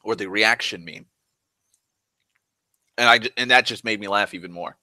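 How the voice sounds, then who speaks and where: Bright-voiced rambling young man. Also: fairly low pitch, normal speed, dry recording. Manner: rambling, restless, full of restarts and "like", swears freely, swings loud and soft. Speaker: vlogger. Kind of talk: rambling casual monologue.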